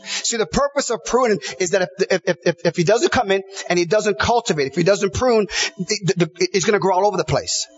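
A man's voice: high-pitched, lively intonation, fairly quick, muffled recording, faint music behind. A man preaching a sermon, emphatic, piling up repeated phrases and quoting scripture. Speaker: pastor.

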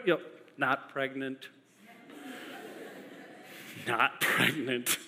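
A male pastor delivers a sermon in a high, bright, forceful voice. He tells stories with animated energy and hammers points home through repetition. His voice rings with the long echo of a large church hall. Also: a little slow, long pauses. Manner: animated storytelling with emphatic repetition.

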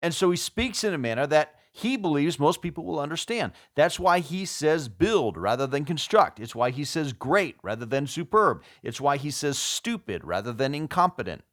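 Guy doing a podcast, kinda higher voice, dead dry close mic, explains stuff w questions. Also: very animated, dry recording. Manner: measured, explanatory, with rhetorical questions. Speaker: podcast host and PR consultant. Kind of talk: scripted podcast commentary.

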